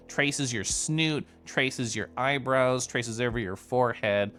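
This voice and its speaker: A young man chatting casually with viewers on a live stream, giggly and animated. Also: medium pitch, normal speed, few pauses, soft background music.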